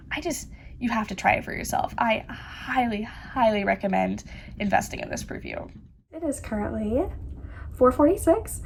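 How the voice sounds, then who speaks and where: A young woman, chatting brightly as she shows off purchases in a travel vlog. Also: a little high, vocal fry, a little hiss or hum. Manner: bubbly, chatty, enthusiastic. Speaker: travel vlogger. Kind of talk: casual vlog narration. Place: cruise ship.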